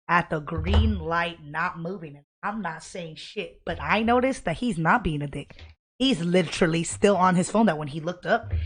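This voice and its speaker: A woman with a lowish voice tells a story on a podcast. She swears freely and talks in an animated, heated way. Her delivery is loose and conversational. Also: a little hiss or hum. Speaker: podcast co-host. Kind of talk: casual podcast chat.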